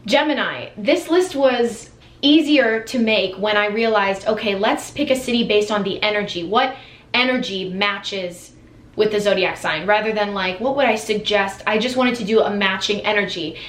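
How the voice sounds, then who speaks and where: Speaking at normal speed in a mid-range, slightly bright voice, this American woman vlogs to camera in a casual, enthusiastic way. She fills her talk with fillers and frequent restarts, and the recording has an echoey room sound.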